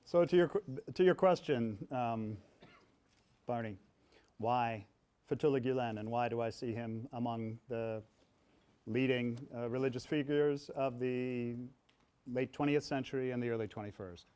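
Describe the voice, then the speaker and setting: A man's voice: medium pitch, a little slow, clear, resonant tone. Middle-aged male speaker at a public talk, resonant voice, storytelling manner with humorous touches. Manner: warm storytelling, humorous asides, quotes with rising emphasis. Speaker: author and pastor in conversation. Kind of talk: public talk before an audience. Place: event hall with audience.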